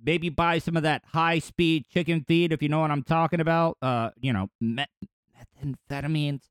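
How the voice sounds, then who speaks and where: A man hosting a podcast who riffs on news clips in a rambling, crude, joking way. His voice sits fairly high for a man. The sound is dry and close, with no room in it. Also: steady tone, normal speed, clear, resonant tone, dry recording. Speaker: podcast host. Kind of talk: casual comedic commentary over news clips.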